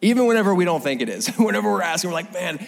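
A man preaching a sermon in a casual, animated storytelling way, often restarting his phrases. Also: high-pitched, very fast, vocal fry. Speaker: pastor. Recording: long hall reverb.

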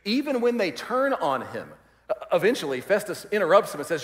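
A male pastor preaching in a lively, animated voice that sits a little high. He acts out the people he quotes and swings from loud to hushed. His voice rings through a large, echoing church hall. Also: brisk. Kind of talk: sermon. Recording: roomy hall reverb.

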